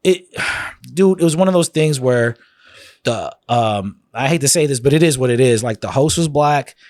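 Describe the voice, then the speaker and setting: A man's voice: medium pitch, expressive, normal speed, darkish tone, dry recording, studio quality. A man from Oakland, a comedian telling stories in a casual podcast chat, with many fillers and restarts. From East Oakland, California. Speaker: comedian guest.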